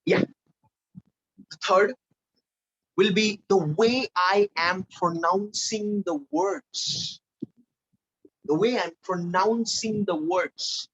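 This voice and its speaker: A man leading a live online public speaking training, energetic and animated, swinging between loud and soft for emphasis. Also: sits high, slightly rough, dull audio.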